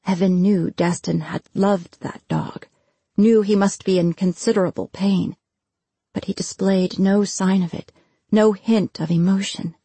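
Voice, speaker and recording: A woman narrating a fantasy audiobook in a measured, steady way. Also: medium pitch, breathy edge, no echo.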